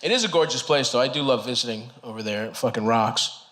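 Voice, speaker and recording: A man working a comedy club stage through a handheld mic, telling stories in a relaxed, conversational way. He laughs along with himself and jumps up in pitch and volume to land his jokes. Clear background noise hangs over the recording. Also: quick pace. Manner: conversational, breaks into laughter, punches up lines with sudden loud jumps. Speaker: stand-up comedian. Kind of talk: stand-up comedy set. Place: comedy club stage before a live audience.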